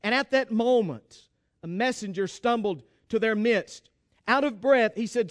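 Male preacher, high resonant voice, dramatic sermon storyteller. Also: measured pace. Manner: dramatic, calls for congregation response.

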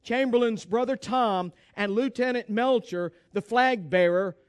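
Male preacher, high resonant voice, dramatic sermon storyteller. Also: a little slow, smooth. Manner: dramatic, calls for congregation response.

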